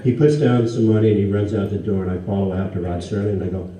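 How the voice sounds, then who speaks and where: A man in his sixties from the United States tells anecdotes to a live audience as a guest speaker, acting out the dialogue in animated voices. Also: on the low side, fast talker. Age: 60s. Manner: animated, acts out quoted dialogue in raised voices. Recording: echoey hall, distant mic, faint ambience.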